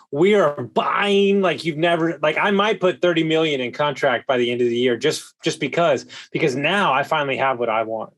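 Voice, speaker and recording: A man hosting a podcast interview, talking in an emphatic, excitable way with quick restarts. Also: on the high side. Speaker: podcast host. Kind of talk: conversational interview.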